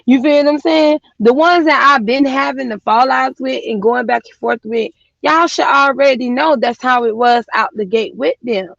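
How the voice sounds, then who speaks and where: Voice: sits high, normal speed, vocal fry, few pauses, a bit bright, no echo, dull audio. A co-host chatting casually on a live stream, blunt and profane in a colloquial way. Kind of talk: casual chat.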